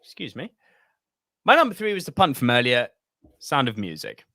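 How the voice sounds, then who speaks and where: A British man with a posh English accent, co-hosting a podcast in casual chat, theatrical and quick to mock himself. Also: mid-range voice, huge pitch swings, bright, forceful tone, no echo, studio quality. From Britain. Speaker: podcast co-host.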